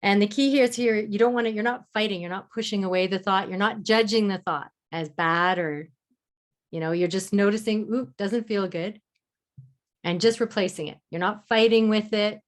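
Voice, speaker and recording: A woman leads a live online class in a gentle, encouraging way. She drops her voice low and slows down whenever she recites a mantra. Her pitch sits in a middle range. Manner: gentle, encouraging, speaks mantras softly and slowly. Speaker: love mentor and masterclass host. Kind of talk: live online masterclass teaching.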